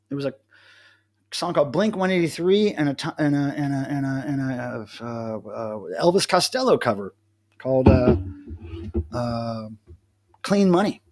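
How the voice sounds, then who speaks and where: A middle-aged man rambling and joking with viewers by name as he hosts a casual live stream from home, alone. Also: fairly high pitch. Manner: rambling, self-amused, chats to commenters by name. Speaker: livestream host.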